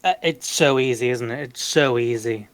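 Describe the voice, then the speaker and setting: A man's voice: mid-range voice, normal speed, fairly bright tone, smooth, dry recording. A man with a British accent co-hosting a podcast, bantering in a playful, mock-indignant way. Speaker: podcast co-host. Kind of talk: casual banter.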